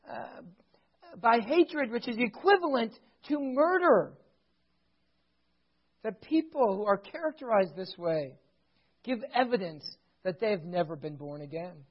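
A man preaching a sermon, swinging from loud emphasis down to hushed, intimate passages. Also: extremely high pitch, a little slow, highs cut off. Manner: dramatic swings from loud emphasis to near-whisper; acts out dialogue of a retold sitcom scene.

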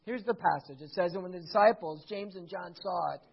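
Husky preacher delivering a sermon. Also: medium pitch, a little fast, hardly any pauses. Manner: dramatic, swings from hushed to loud. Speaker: pastor. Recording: slightly dull lo-fi recording.

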